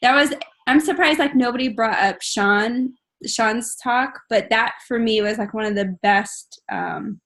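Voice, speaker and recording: A young woman hosting a casual group chat, telling stories in a bubbly, animated way. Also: on the high side, measured pace. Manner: bubbly, animated storytelling with laughs.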